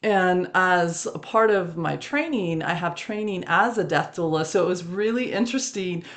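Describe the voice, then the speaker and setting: A woman's voice: on the low side, moderate pace. A woman hosting a reflective spiritual podcast, telling a personal story and laughing often between phrases. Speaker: podcast host.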